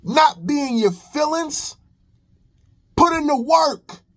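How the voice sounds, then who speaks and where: A man's voice: extremely high pitch, expressive, slow pace. A young man commenting on a reaction video in a preachy, emphatic way, repeating phrases. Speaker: commentary host.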